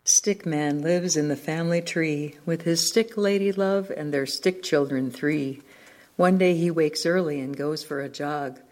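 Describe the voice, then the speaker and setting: A woman reading a rhyming picture book aloud in a rhythmic, expressive way. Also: sits low, unhurried. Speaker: storybook reader.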